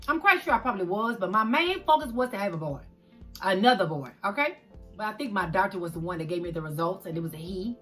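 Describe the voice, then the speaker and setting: Bright-voiced woman sharing a story. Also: mid-range voice. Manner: expressive, talks straight to viewers as "y'all". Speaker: vlog host. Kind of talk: emotional personal storytelling.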